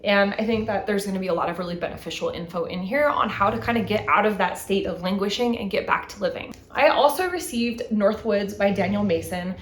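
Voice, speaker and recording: A woman's voice: medium pitch, fairly quick, hardly any pauses, reverberant. A woman in her thirties hosting a book haul vlog, chatting eagerly about each new book. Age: 30s. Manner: enthusiastic, talks through each book and reads back covers. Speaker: book channel host.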